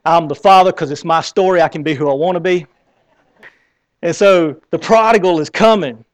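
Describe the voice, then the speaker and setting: A man with a Southern accent preaching a sermon, telling a story with lively acted-out scenes. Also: fairly high pitch, normal speed, no echo. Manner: animated storytelling, acting out scenes. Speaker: pastor.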